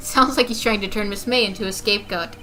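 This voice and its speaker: A woman's voice: medium pitch, quick pace, bright, forceful tone, soft background music, close to an everyday voice. A woman voicing an earnest young male defense attorney, reading his dialogue and wry inner asides aloud.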